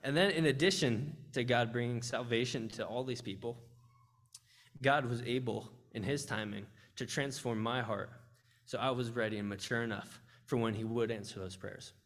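An earnest young man shares a testimony during a church service. He speaks from the heart at a middle pitch, often restarting his sentences as he goes. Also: steady tone, normal speed, fairly bright tone. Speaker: campus ministry speaker.

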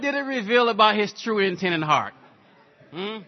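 A man preaching a sermon, telling a story and swinging between loud exclamations and hushed asides. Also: high-pitched, lively intonation, normal speed, muffled recording. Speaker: pastor.

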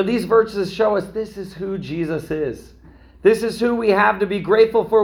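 A man's voice: high voice, gravelly. A man preaching a sermon in a conversational way, often checking in with his listeners. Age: young adult to middle-aged, a parent. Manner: conversational preaching, frequent "right?" asides. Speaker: pastor.

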